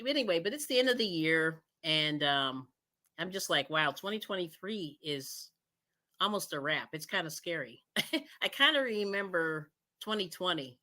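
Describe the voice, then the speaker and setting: A woman with a low, slightly bright voice hosts a casual live cooking stream, chatting as she works, laughing often and restarting her sentences.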